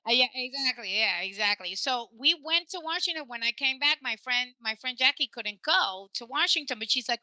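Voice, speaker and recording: A woman's voice: high voice, lively intonation, normal speed, hardly any pauses, bright, forceful tone, dry recording, rough recording. A woman hosting a casual podcast conversation, telling stories animatedly and dropping in Spanish phrases. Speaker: podcast host.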